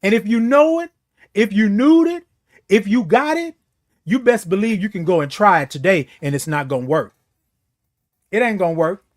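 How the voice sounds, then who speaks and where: A man delivers a motivational morning talk in a high voice that leaps up and down in pitch. He preaches in repeated phrases and throws in playful beeping noises. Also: animated, normal speed, long pauses. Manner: preachy, repetitive, makes beeping sounds. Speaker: host. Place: seated in a chair.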